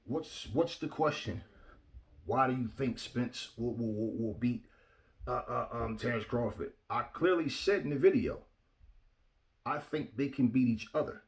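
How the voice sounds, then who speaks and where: A man's voice: mid-range voice, unhurried. A man giving casual boxing opinions to his viewers, blunt and emphatic, often repeating himself and speaking to the audience directly. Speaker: boxing commentator.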